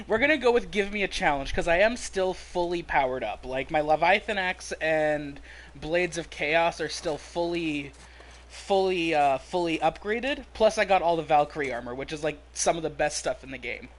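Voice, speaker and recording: A man's voice: fairly high pitch, normal speed. A young man streaming a game, chatting casually and joking with his viewers. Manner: chatty, joking, talks to chat between menu picks. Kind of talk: casual gameplay commentary.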